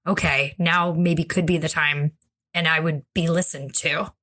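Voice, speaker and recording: A woman's voice: deep voice, fairly even intonation, measured pace, fairly bright tone. A woman co-hosting a podcast, talking thoughtfully and thinking aloud with restarts. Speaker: podcast co-host. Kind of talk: casual conversational discussion.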